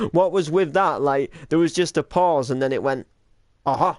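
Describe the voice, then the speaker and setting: A man's voice: on the high side, moderate pace, a little mellow, no room sound, clean studio sound. Young man rambling through a reaction video. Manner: rambling, lots of likes and restarts. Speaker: channel host reacting to old videos. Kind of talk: casual reaction commentary.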